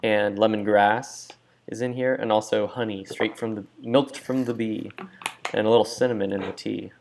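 A man's voice: on the low side, fairly even intonation, normal speed, vocal fry, a little hiss or hum. Rambling, giggly podcast man. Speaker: podcast co-host. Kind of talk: casual chat.

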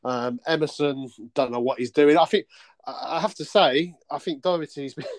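A man's voice: on the high side, moderate pace, dry recording. A man hosting a casual football chat, blunt and sweary. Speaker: football podcast host.

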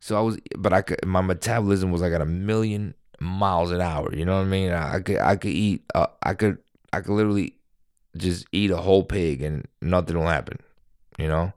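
New man, deep, dry close recording, rambling casual storyteller who swears. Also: fairly quick, clear, resonant tone, no echo. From New York. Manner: rambling, animated, swears freely.

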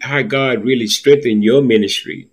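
A man's voice: mid-range voice, normal speed. A man, a pastor, speaking earnestly in conversation. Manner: brief affirmations, then earnest. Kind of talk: casual conversation.

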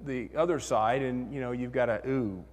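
A man preaching a sermon as pastor, telling a story in an animated way and acting out the voices in his head. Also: mid-range voice, normal speed, in a large hall.

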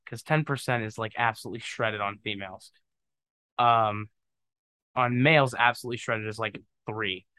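A man's voice: medium pitch, fairly bright tone, smooth, dry recording. A man talking alone on his podcast in a loose, rambling, jokey way, often tossing in "dude" and trailing off into mumbled asides. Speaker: podcast host. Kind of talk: casual solo monologue.

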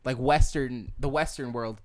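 A man's voice: medium pitch, fairly even intonation, measured pace, no echo. A man co-hosting a podcast in casual chat, jokey and rambling, laughing often. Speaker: podcast co-host.

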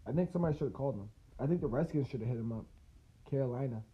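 A man's voice: medium pitch, rapid-fire. Male podcast host, casual profane rambler, phone-quality audio. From United States. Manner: loose, profane and rambling, with laughs and restarts. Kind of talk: casual solo podcast rant. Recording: tinny phone-like line.

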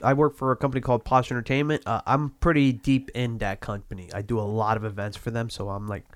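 A man's voice: mid-range voice, steady tone, quick pace, no room sound, clean studio sound. A man talking casually as an interview guest about his DJ work, laid-back, with many fillers and restarts. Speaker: mobile DJ guest.

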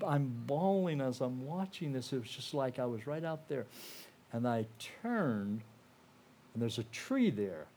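A man's voice: mid-range voice, slight background noise. Older man telling an earnest church testimony. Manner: conversational and storytelling, with frequent "you know" and restarts; earnest and emotional, dropping softer at heavy moments. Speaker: guest speaker sharing his testimony. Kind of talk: personal testimony told to a church audience.

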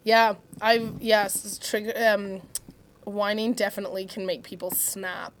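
A woman's voice: mid-range voice, level tone, measured pace, a little hiss or hum. A woman co-hosting a casual parenting chat, talking in a loose way with many fillers and restarts. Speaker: parenting podcast co-host.

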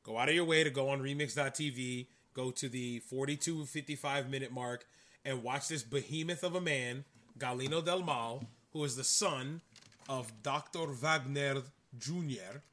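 A man's voice: medium pitch, normal speed, fairly bright tone. A man co-hosting a podcast, chatting in a rambling, enthusiastic way. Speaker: podcast co-host. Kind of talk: casual chat.

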